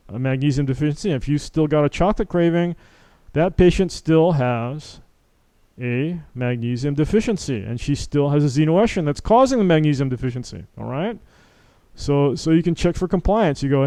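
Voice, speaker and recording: A middle-aged physician gives an informal medical lecture conversationally, acting out exchanges with patients and often checking in with "okay?" and "right?". His voice is fairly high and fairly quick, with a dark, clear, resonant tone on a dry recording.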